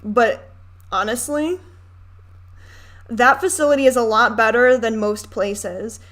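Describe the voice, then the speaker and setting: A chatty young woman hosting a reaction video, talking over a film in a loose, candid way. Her voice sits a little high, and she rants and swears between asides. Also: slow, a bit bright. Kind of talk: casual commentary over a film.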